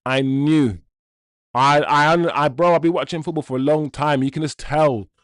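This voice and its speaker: A young man streaming a live football watchalong, talking to viewers in slang and swinging between mutters and loud outbursts. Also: a little high, moderate pace, dry recording, clean studio sound. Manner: loud swings from groans to shouts, slang-heavy.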